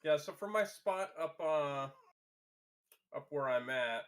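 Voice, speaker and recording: A man's voice: a little high, animated, slow. A man playing in a tabletop role-playing game, speaking hesitantly with many fillers. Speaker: player.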